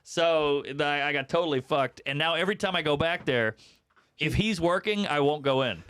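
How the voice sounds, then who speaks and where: A man's voice: a little high, normal speed, a bit bright, clean tone. A man, a comedian guest on a podcast, telling stories in casual chat. He acts out quotes and swears freely.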